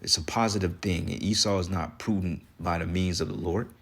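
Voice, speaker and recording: Man, deep husky voice, congested, profane heated religious talk. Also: fairly even intonation, fairly quick, a bit bright. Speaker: religious commentator. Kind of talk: casual religious talk with scripture reading.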